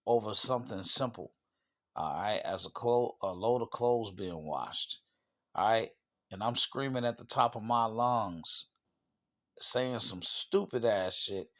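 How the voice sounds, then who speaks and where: Male channel preacher, low voice, emphatic, casual sermon with scripture readings. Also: a bit bright. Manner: punctuates with "all right" and "okay", emphatic, restarts.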